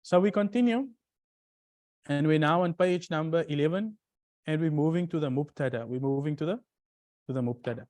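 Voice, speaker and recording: A teacher giving a classroom lecture on Arabic grammar, who often questions the class, restarts phrases and recites short Arabic verses in quick bursts. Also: mid-range voice, darkish tone.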